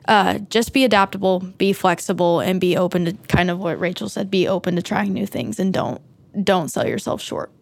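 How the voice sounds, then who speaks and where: A young woman intern offers calm, reassuring advice. Her voice is fairly low and dry, recorded close without much room sound. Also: no room sound.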